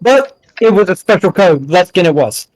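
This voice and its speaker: A man playing in a live-streamed tabletop game, talking through his character's actions in a plain, deliberate way. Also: sits high, lively intonation, no echo, poor audio. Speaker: player. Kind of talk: in-character tabletop play, casual.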